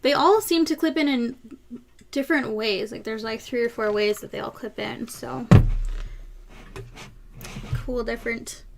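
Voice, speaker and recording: A woman's voice: a little high, unhurried, gravelly, long pauses. Chatty woman on a noisy stream. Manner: chatty, reads viewer comments aloud. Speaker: livestream co-host. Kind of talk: casual livestream chat. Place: home building room.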